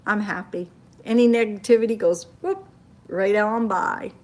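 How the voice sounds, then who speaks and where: An older woman with a Maine accent chats into her phone on a casual livestream. She reads viewer comments aloud and tells stories in a chatty, rambling way, with a voice of ordinary middle pitch. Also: normal speed, a little mellow. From Maine, USA. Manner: chatty storytelling, reacting to comments.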